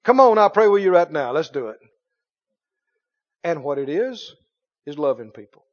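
A man preaching a sermon as pastor, reading scripture aloud with animated delivery. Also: a little high, normal speed. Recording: dull sound in a long-reverb hall.

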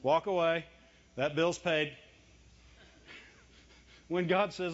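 A man's voice: fairly high pitch, steady tone, slow pace, long pauses. A man preaching a sermon in a conversational style, asking rhetorical questions and answering them himself. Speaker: pastor. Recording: dull lo-fi recording.

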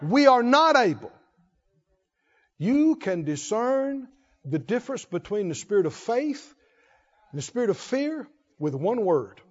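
A man's voice: high-pitched, big pitch swings, measured pace, warm tone, muffled recording. A man preaching a sermon, asking questions and answering them in a folksy, call-and-response way.

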